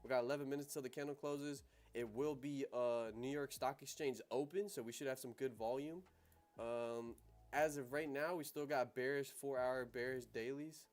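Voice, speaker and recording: A man's voice: mid-range voice, fairly even intonation, moderate pace, a little mellow. Laid-back slangy young man. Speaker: livestream trading host. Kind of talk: casual livestream commentary.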